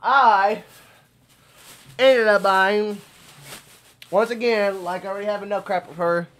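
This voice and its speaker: A young man with a somewhat high voice, a little out of breath, talks through his purchases in a loose, rambling vlog. He fills his sentences with "uh" and "um" and keeps a casual, friendly flow as he recaps the trip. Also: steady tone, a little slow, fairly bright tone. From Arkansas. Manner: chatty, rambling, with fillers. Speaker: vlogger. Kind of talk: casual vlog haul talk.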